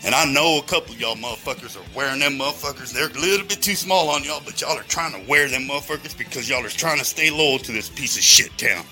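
A man's voice: mid-range voice, animated, fast talker, hardly any pauses, bright, forceful tone, soft background music. A man in a rambling, profane monologue, going off on tangents and talking straight to his listeners. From Texas. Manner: heavy swearing, rambling tangents, addresses listeners directly.

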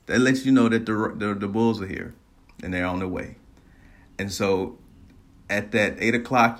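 A man casually telling a personal story, animated, laughing often and swearing freely. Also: fairly low pitch, moderate pace.

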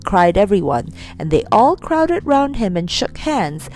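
Animated woman reading a children's story. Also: medium pitch, unhurried, hardly any pauses, faint music behind.

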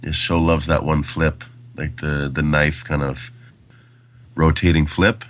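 Very deep-voiced man chatting about movies. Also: little pitch movement, a little slow. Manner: rambling, many fillers and restarts. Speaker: podcast co-host. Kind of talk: casual film discussion.

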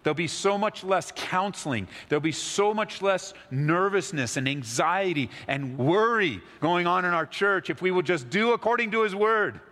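A man's voice: moderate pace, hardly any pauses. Man preaching in an echoey hall. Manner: animated preaching, voice rising high when acting out the widow's excitement. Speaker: pastor. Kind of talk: sermon.

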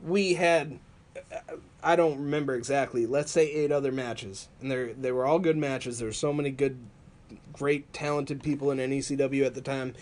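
A man casually telling wrestling stories on a podcast, animated and laughing often. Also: medium pitch, normal speed. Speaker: podcast co-host.

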